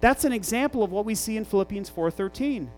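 A man's voice: sits high, animated, fast talker, darkish tone, a little hiss or hum, rough recording. A man pastoring his church, preaching a sermon with rhetorical questions and rising emphasis.

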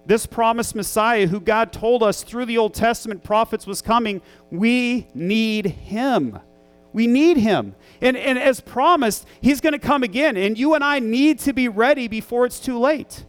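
Pastor, man, a parent, high clear tenor; earnest emphatic sermon, leans on repetition. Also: normal speed, few pauses. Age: young adult to middle-aged, a parent. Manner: earnest, emphatic, repeats key phrases.

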